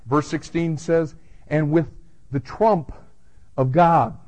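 A man's voice: a little high, fairly even intonation, takes it slowly, darkish tone, rough recording. A male pastor preaching a verse-by-verse sermon, emphatic and repeating words as he starts each point.

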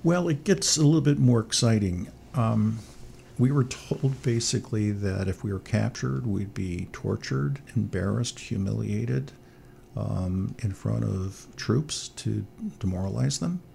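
A man, a priest and military chaplain, telling animated stories as an interview guest. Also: on the low side, creaky, a little hiss or hum. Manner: animated storyteller, upbeat. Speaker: chancellor of military archdiocese.

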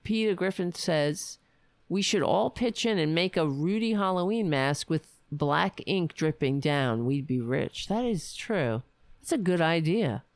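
A woman's voice: sits low, expressive, a little slow, dry recording. A woman hosting a casual home livestream, chatting wryly with her viewers and thanking supporters. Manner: chatty, wry, talks to her pets in a soft coaxing voice. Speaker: livestream host. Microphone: home webcam mic.

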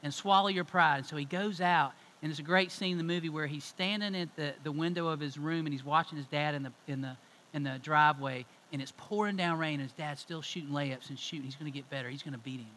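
A man's voice: fairly high pitch, quick pace, fairly bright tone, slight background noise, rough recording. A middle-aged man preaching a sermon, emphatic and conversational as he tells stories. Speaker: pastor.

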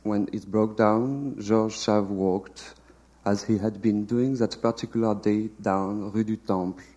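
Male reader for literary fiction: slow, deliberate delivery, low register. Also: steady tone, warm tone, poor audio. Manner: measured, deliberate reading. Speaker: translator reading aloud. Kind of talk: literary reading of a novel translation. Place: live literary panel event.

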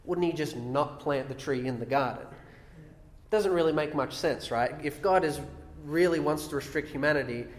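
Male preacher, fairly high voice, teaching from scripture in a big echoing room. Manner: explains verses, reads aloud, rhetorical questions. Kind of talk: sermon on scripture. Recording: echoey hall with long reverb.

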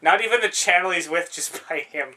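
Man, casual chat, rambling, swears a lot, bright slightly high voice. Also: brisk, a little hiss or hum. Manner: rambling, swears freely, laughs often.

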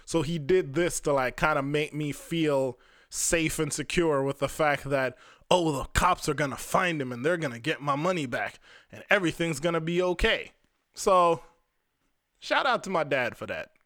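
A man's voice: fairly high pitch, fairly bright tone, no echo, studio quality. A young man hosting a podcast, telling a personal story in a candid, profane way, full of "like" and restarts. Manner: candid, profane, fills talk with "like". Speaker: podcast host.

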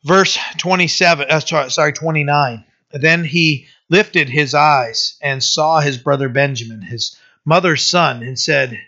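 A male pastor giving a conversational sermon, with many fillers and restarts, who slows down to read scripture aloud. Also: fairly high pitch, sharp tone, lo-fi sound. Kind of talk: sermon, informal Bible teaching.

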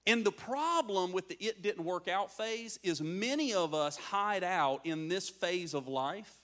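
A man's voice: high-pitched, expressive, unhurried, a bit bright. A man preaching a sermon, telling a story and acting out its voices, often turning to the crowd with questions. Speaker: pastor.

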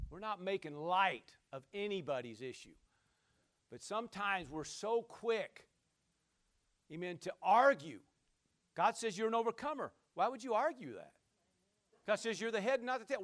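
A man preaching a sermon in a folksy, conversational way, calling to his listeners and swinging from shouts down to quiet asides. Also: big pitch swings, normal speed, long pauses. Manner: emphatic call-and-response preaching, shouting at peaks, then dropping low.

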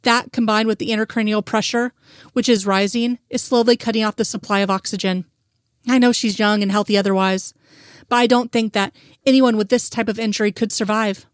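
Woman reading as a calm, clinical male doctor. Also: a little high, dry recording, studio quality, natural voice. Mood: grave. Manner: measured, delivering grave news.

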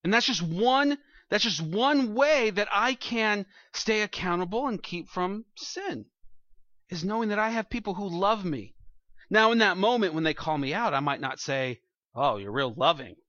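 A high, bright-toned young man delivers a sermon to his congregation as their pastor. He speaks earnestly and plainly, often restarting his phrases. The sound is dry and close, a little dull. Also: expressive, normal speed, dry recording. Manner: earnest, plain-spoken preaching with repeated restarts.

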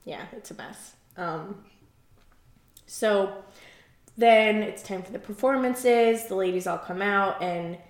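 A woman's voice: mid-range voice, slow, long pauses, echoey room. A woman co-hosting a casual recap podcast, chatty, with many filler words and easy laughs. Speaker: podcast co-host. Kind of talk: casual chat recapping a reality show.

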